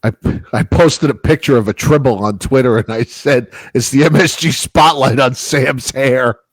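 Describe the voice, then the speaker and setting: A man's voice: mid-range voice, moderate pace, no room sound. A man with a New York accent, co-hosting a casual sports podcast and ranting sarcastically. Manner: sarcastic ranting, laughs often. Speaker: podcast co-host.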